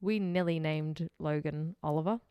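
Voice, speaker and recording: A woman's voice: deep voice, normal speed, clear, resonant tone, no room sound, muffled recording. A young woman co-hosting a true-crime podcast, chatty, laughing often and swearing casually. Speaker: podcast co-host.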